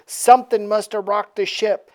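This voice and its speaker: A woman's voice: mid-range voice, steady tone, normal speed, a little mellow. A woman casually recapping a comic book issue in a slangy, offhand way.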